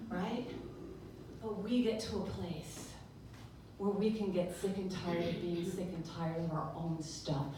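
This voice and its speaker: Animated woman preaching in echoey church. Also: medium pitch, unhurried, a little hiss or hum. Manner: animated storytelling, call-and-response with congregation, laughing. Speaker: guest speaker and singer. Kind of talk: lively church talk. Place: large church sanctuary. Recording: echoey live church recording from far off.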